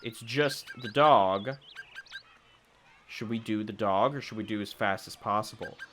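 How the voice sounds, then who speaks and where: A man casually commentating his own gameplay, chatty and self-deprecating, thinking out loud as he plays. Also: fairly low pitch, unhurried, slight background noise. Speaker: gaming video host. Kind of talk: casual let's-play commentary.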